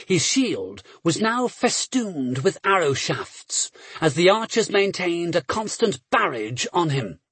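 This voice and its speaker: A man reading an adventure novel aloud as a narrator, measured and steady, with brief voiced dialogue. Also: high voice, breathy edge, no echo. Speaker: audiobook narrator. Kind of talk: scripted narration.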